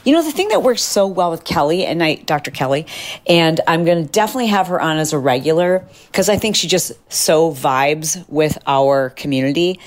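A middle-aged woman with a low voice hosts her podcast in a relaxed, chatty way. She talks animatedly and often acts out what other people say. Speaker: podcast host. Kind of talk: casual solo podcast chat.

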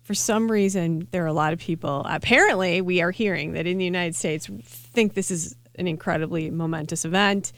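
A woman's voice: lowish voice, fairly quick, few pauses, dry recording. A woman co-hosting a casual radio food chat, wry and chatty, often restarting her sentences. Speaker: co-host, food writer.

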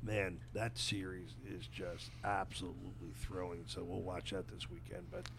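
Gravelly man hosting sports talk. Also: deep voice, little pitch movement, moderate pace, background noise. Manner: storytelling, emphatic. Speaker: host. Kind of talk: casual sports chat.

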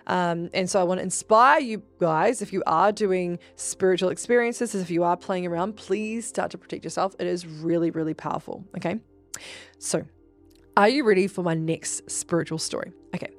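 A woman hosting a podcast, telling spiritual stories in a casual, animated way, swearing freely and speaking straight to her listeners. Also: lowish voice, normal speed, faint music behind. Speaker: podcast host.

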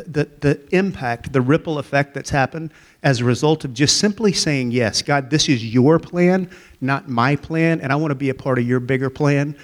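Earnest man in his fifties. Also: mid-range voice. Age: 50s. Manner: earnest storyteller. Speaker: church interview guest. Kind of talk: personal faith testimony.

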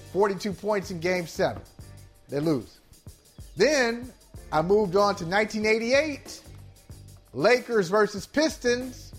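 A man co-hosting a sports debate show, making his point in a measured, reasoning way. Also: high-pitched, a bit bright. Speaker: sports talk show co-host.

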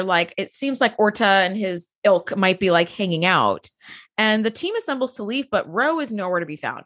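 A woman co-hosting a podcast, recapping an episode in easy, casual chat. Her pitch swings widely from phrase to phrase, sitting at an ordinary middle height, and she keeps slipping into character voices for quoted lines. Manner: chatty, animated, acts out quotes in character voices. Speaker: podcast co-host.

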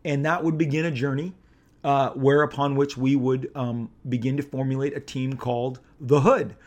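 A middle-aged man from Southern California, a comic book artist telling a casual anecdote, animated and rambling, with lots of fillers and restarts. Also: mid-range voice, moderate pace.

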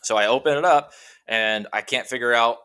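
A little fast and medium in pitch, his clear, resonant voice carries a long, animated personal anecdote. The man, a guest from Washington state, chats casually and fills his rambling story with "you know" and "like."

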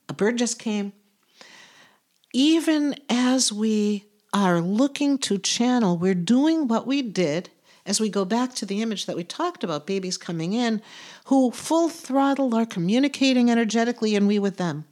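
A middle-aged woman with a slightly high voice hosts a spiritual podcast. She speaks earnestly and soothingly, laughing lightly and trailing off as she searches for words. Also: animated, normal speed. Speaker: podcast host and medium.

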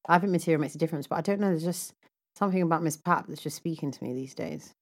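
A young woman co-hosting a fashion podcast, relaxed and full of fillers. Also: low-pitched, very fast. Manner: relaxed, lots of fillers, interrupts with agreement. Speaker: podcast co-host. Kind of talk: casual chat.

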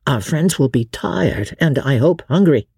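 Hearty young lord, lively and exuberant, voiced by a woman reader. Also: low-pitched, a little slow, vocal fry, breathy edge, no room sound, studio quality, full character voice. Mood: jovial. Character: jovial young English lord, hearty and bold.

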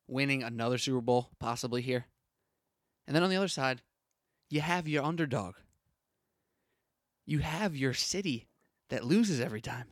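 A young man hosts a solo sports podcast in a punchy, opinionated rant, firing off rhetorical questions. His voice sits at an ordinary middle pitch. The recording is dry and close, with no room sound. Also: no echo.

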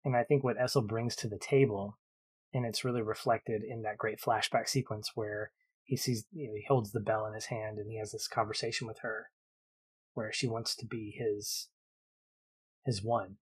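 A man's voice: lowish voice, steady tone, moderate pace, slightly rough. A man co-hosting a podcast, building his points about a film in long, thoughtful runs. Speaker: podcast co-host. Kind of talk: casual film discussion.

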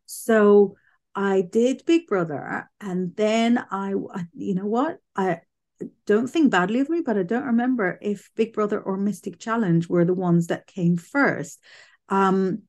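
A woman from the UK with a quirky, unusual voice, chatting loudly as a guest over a video call. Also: medium pitch, a little slow. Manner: loud, chatty, laughs often. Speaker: guest psychic medium. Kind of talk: casual interview chat.

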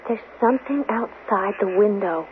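An actress playing a frightened young wife staying as a weekend guest in a 1970s radio drama, uneasy and jumpy. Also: female voice, fairly high pitch, lively intonation, moderate pace, a little hiss or hum, close to an everyday voice. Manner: uneasy, easily startled. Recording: narrow-band old radio broadcast.

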